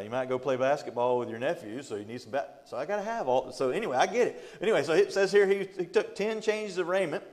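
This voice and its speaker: A man teaching a Bible study as pastor, reading scripture aloud and retelling it in a folksy, joking way, often laughing between points. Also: medium pitch. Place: church. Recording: long hall reverb.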